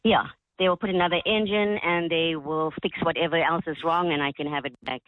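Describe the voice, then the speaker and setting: A woman's voice: low-pitched, fairly even intonation, a little fast, no room sound. A woman phones in to a radio show, upset and emotional as she lays out her complaint. Her voice comes through a thin, tinny phone line. It sounds close and dry. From South Africa. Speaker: caller.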